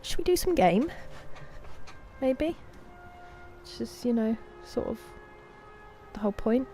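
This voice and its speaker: A British woman chatting casually on a live game stream, thanking viewers and sometimes dropping into a soft whisper. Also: fairly high pitch, animated, slow pace, a little hiss or hum. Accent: British English.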